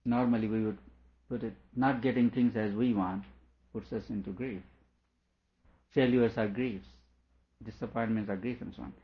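Guy lecturing on scripture, lowish voice, slow careful explaining, kinda muffled lo-fi audio. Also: fairly even intonation. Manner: deliberate, explains by repeating and rephrasing. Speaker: teacher. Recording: dull lo-fi recording.

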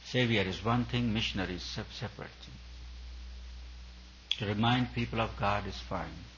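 A man's voice: fairly low pitch, moderate pace, fairly bright tone, lo-fi sound, slight background noise. A man, a spiritual teacher, giving an earnest discourse at a retreat, building his points through repeated emphatic phrases.

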